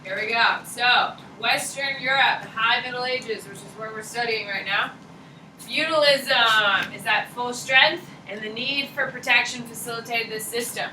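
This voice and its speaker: A woman's voice: fairly high pitch, moderate pace, sharp tone, a little hiss or hum. Blunt, slangy woman teacher in echoey classroom. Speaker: high school history teacher. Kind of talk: classroom lecture. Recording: echoey classroom, mic far off.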